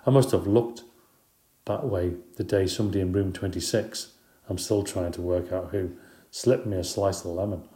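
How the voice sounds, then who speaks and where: A man's voice: low voice, steady tone, moderate pace, mellow, reverberant. A man narrating a children's story in the first person, in a light, chatty, playful way. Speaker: audiobook narrator.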